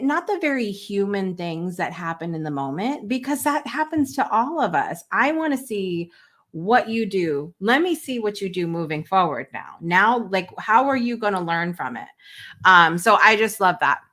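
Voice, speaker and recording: A woman's voice: mid-range voice, sing-song, normal speed, a bit bright. A woman hosting a live morning talk show, chatting casually and emotionally with many fillers and restarts.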